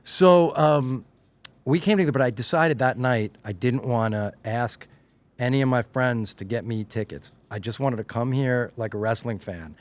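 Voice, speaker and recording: A middle-aged man from Long Island with a slight Long Island accent, chatting casually as a podcast guest and telling stories with lively, acted-out quotes. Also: medium pitch, moderate pace. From Long Island, New York. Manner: animated storyteller, acts out quotes with rising excitement. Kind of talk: casual chat.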